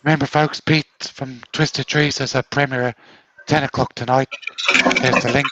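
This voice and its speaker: Man, casual livestream banter, joking, mid pitch, heavy background noise. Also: fairly even intonation, normal speed, muffled recording. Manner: joking, reads out viewer comments. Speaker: livestream co-host. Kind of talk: casual banter on a live stream. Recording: noisy stream audio.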